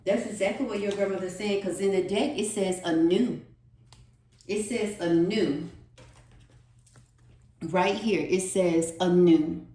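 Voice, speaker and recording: A woman giving a spiritual tarot reading, with a slow, repetitive, earnest delivery. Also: medium pitch, mellow. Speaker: tarot reader. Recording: echoey room, distant mic.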